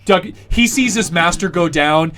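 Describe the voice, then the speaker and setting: A man narrating as dungeon master in a relaxed, casual way, with plenty of fillers. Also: high-pitched, unhurried. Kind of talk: narrating a tabletop game.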